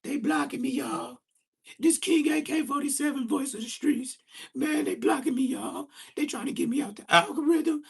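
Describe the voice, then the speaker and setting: A man imitating a male streamer who whines loudly about being banned and begs for likes. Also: extremely high pitch, very animated, moderate pace, gravelly, voice pushed up, heavily acted. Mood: complaining.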